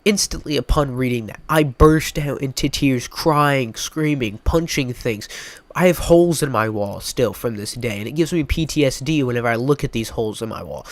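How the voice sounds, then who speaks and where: A man's voice: medium pitch, moderate pace, no room sound. A young man with a stuffy nose telling a rambling, mock-dramatic storytime vlog, full of filler words. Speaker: YouTuber.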